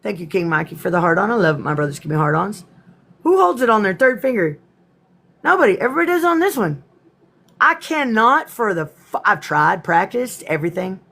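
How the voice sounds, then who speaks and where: A woman hosting a casual livestream, greeting commenters by name and swearing freely, her voice slightly hoarse. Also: mid-range voice, lively intonation, fairly quick, a bit bright. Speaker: livestream host. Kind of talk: casual livestream chat and reading her own poems.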